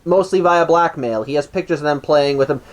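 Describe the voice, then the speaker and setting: A man's voice: a little high, brisk. A man hosting a podcast, casually recapping a cartoon episode with wry asides and frequent restarts and self-corrections.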